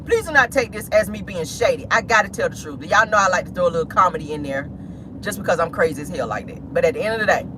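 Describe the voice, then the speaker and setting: A woman gossip vlogger ranting bluntly and profanely in a car, outspoken and animated, breaking into mocking squeals when she mimics people. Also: lowish voice, fast talker, background noise. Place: inside a car.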